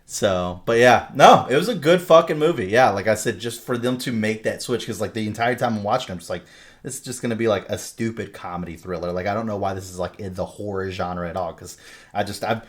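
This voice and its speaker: A man co-hosting a podcast, retelling a movie plot in casual, animated talk full of swearing and fillers. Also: on the low side, fairly quick. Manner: animated storyteller, heavy swearing, many fillers. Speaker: podcast co-host.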